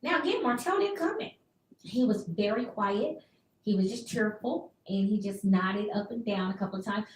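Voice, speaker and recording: A woman radio host talks through a recap in a chatty, expressive way and acts out bits of dialogue. Her voice is mid-pitched and sits a little back from the microphone. The echoey room around her gives the sound a roomy, distant feel. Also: normal speed.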